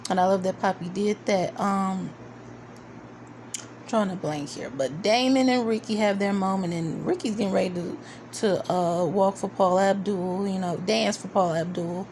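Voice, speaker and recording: A woman's voice: mid-range voice, normal speed, a little hiss or hum. Chatty woman recapping a TV episode. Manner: chatty, quotes characters in animated asides. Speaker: video reviewer. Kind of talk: casual TV recap.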